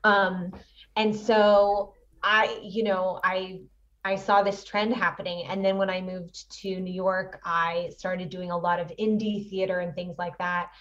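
A woman's voice: lowish voice, flat delivery, measured pace, a bit bright, far from the mic, dull audio. A woman in her thirties, an actress and producer, chatting animatedly as an interview guest and laughing often. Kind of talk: casual interview chat.

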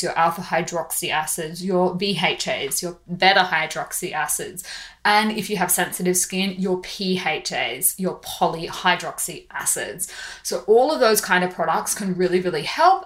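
A woman with an Australian accent hosting a podcast, giving casual skincare advice in a chatty, informal way. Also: on the low side. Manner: chatty and informal, explains plainly with easy laughs. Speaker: podcast host.

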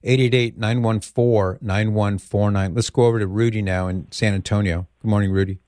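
A male talk radio host with a low voice, speaking into a studio microphone. His sound is dry and close, and he questions callers earnestly and patiently before giving advice. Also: steady tone, a little fast, darkish tone, no echo.

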